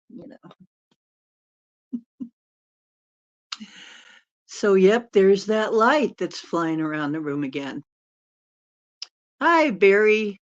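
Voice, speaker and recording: A woman's voice: mid-range voice, lively intonation, very slow, long pauses. A woman hosting a casual live-stream Q&A as a spiritual channeler, chatting in a rambling way and laughing often. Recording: dull lo-fi sound.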